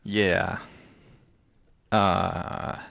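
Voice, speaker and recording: A man's voice: low voice, little pitch movement, extremely slow, creaky, a bit bright. A man co-hosting a podcast in casual chat, rambling and chuckling often between thoughts. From United States. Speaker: podcast co-host.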